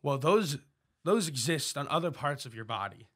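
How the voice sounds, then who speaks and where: A man's voice: fairly high pitch, expressive, normal speed, fairly bright tone. A young man in casual podcast chat, telling rambling stories with many restarts. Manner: rambling storyteller, many restarts and quoted voices. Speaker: podcast co-host.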